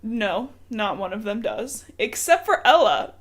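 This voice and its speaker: A woman's voice: a little high, sing-song, unhurried. A woman co-hosting a podcast, chatting casually about a book in a teasing way and laughing often. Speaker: podcast co-host.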